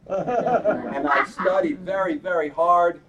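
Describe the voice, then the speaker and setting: A man's voice: sits high, animated, slow, a crowd in the background. A man in his eighties, a cantor, telling a chatty, playful story during a synagogue service and asking the children questions as he goes. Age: 80s. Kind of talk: storytelling sermon to a congregation. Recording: distant live-stream audio with faint background noise.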